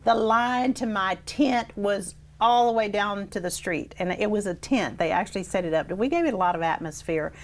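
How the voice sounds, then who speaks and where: A woman's voice: mid-range voice, moderate pace, hardly any pauses. Older woman telling family stories. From South Texas. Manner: animated, acts out the people she quotes. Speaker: oral history interviewee. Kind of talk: reminiscing storytelling.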